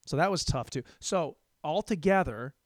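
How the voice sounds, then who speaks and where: A man's voice: on the high side, animated, normal speed, dry recording, studio quality. A young man hosting his own podcast, a stand-up comic rambling casually, swearing and laughing at himself. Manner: rambling, profane, self-mocking, laughs often. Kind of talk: casual solo podcast monologue.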